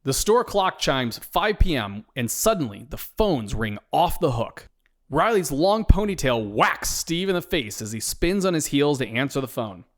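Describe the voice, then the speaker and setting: A man's voice: a little high, sing-song, a little slow. A man narrating a comic audio story in a dry, matter-of-fact way.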